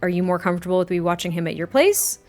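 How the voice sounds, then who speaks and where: A woman's voice: lowish voice, lively intonation, racing, darkish tone, soft background music, voice pushed down, close to an everyday voice. Woman doing an awkward lonely sim guy, hesitant, kinda overwhelmed. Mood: kind. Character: shy, lonely young male neighbor, overwhelmed.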